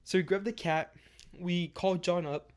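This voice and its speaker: A young man recounts a wild night in a loose, conversational storytime. His voice sits a little on the high side, and he leans on filler words and casual swearing as he rambles forward. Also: steady tone, measured pace.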